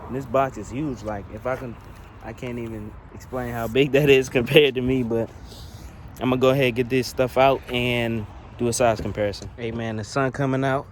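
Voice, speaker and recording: A man's voice: mid-range voice, fairly even intonation, brisk, a little hiss or hum. A young man giving a casual, slangy, profane unboxing commentary outdoors beside a car, filming on a handheld phone. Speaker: car audio vlogger.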